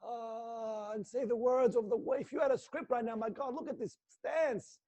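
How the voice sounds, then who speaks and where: A man's voice: extremely high pitch, steady tone, moderate pace, warm tone. A middle-aged man teaching acting, leading a guided exercise in a live class with an intense, coaxing manner and free swearing.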